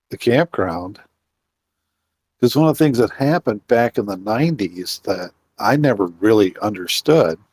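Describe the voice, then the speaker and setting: Low-voiced rambling man telling a story. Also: no room sound. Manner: rambling, full of fillers and restarts. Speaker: guest, outdoorsman and Bigfoot researcher. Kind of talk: casual storytelling interview.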